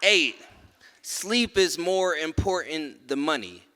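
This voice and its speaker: Male spoken word poet, bright voice, rhythmic and emphatic, live in a reverberant hall. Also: a little high, animated, slow, smooth. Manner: rhythmic, emphatic, dropping soft at line ends. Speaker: performance poet. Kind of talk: spoken word poetry and stage storytelling. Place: live stage at a museum event.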